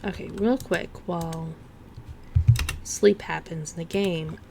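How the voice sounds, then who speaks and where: A woman's voice: lowish voice, fairly even intonation, slow pace, creaky, background noise. A woman casually chatting and thinking aloud while livestreaming a cozy farming game. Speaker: gaming streamer. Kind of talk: casual gameplay commentary.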